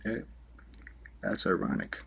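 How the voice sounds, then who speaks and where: A man's voice: a little slow, no echo. A man hosting a podcast in a loose, rambling monologue, profane and full of fillers. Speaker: podcast host.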